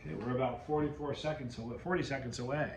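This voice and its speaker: A man at an everyday middle pitch tells a rambling story to his camera, often breaking off and restarting. The room around him is echoey, with a faint hum of background ambience. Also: steady tone, fast talker. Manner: rambling, self-interrupting storyteller. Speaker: video host.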